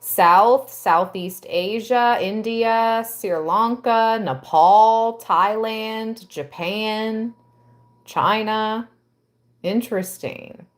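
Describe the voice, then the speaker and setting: A woman giving a tarot reading to her viewers, reading aloud and musing with soft exclamations. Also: on the high side, extremely slow. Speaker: tarot reader.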